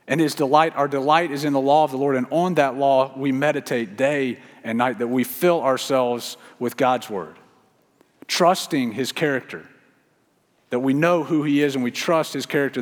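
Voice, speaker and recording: Man preaching in an echoing hall. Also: medium pitch. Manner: earnest, repeats key phrases for emphasis. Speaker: pastor. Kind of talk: sermon. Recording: long reverb of a church hall.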